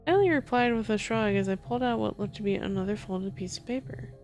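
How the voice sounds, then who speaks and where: Woman, ASMR story reading, soft and steady, mid-range voice, faint music behind. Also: mid-range voice, quick pace. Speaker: story narrator.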